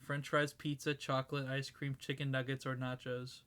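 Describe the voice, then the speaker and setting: Canadian woman podcast co-host, low and bright voice, deadpan teasing quiz reader. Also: normal speed. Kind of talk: casual chat, reading quiz questions aloud.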